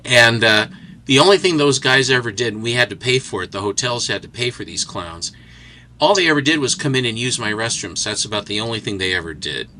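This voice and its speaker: This is a man spinning a casual story as a talk-show guest. His voice is bright and forceful. He is animated and slips into the voices of the people he describes. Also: medium pitch, fairly quick, slight background noise, rough recording. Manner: animated storyteller who acts out characters. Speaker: guest telling stories. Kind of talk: casual anecdote.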